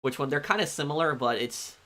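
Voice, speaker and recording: A man live-streaming a game, chatting casually with viewers in a rambling, halting way full of ums and restarts. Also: fairly high pitch, animated, sharp tone. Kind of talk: casual chat answering viewers.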